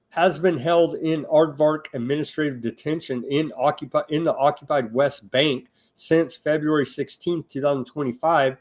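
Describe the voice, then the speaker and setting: A man hosting an online news show, reading reports aloud with halting asides, now and then rising into loud appeals to his listeners. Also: fairly high pitch. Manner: slow, halting delivery with asides and restarts; grows loud and emphatic when addressing listeners.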